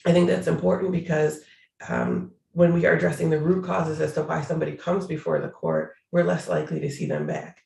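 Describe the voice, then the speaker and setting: A man's voice: on the high side, fairly even intonation, fairly quick, creaky, a little mellow, roomy sound. A man, a city prosecutor, talking earnestly and emphatically in an interview over a video call, repeating phrases for stress.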